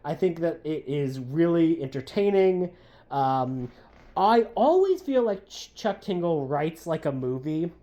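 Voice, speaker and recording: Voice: medium pitch, very animated, measured pace, warm tone, muffled recording. A book reviewer chatting casually and enthusiastically, with many fillers, while walking outdoors by the water.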